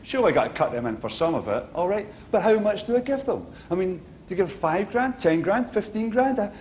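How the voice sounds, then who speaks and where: A man's voice: high-pitched, brisk, a little hiss or hum. A middle-aged man with a Glaswegian accent doing a stand-up routine, acting out the voices and exchanges in his stories. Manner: animated, acts out voices and exchanges. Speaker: stand-up comedian.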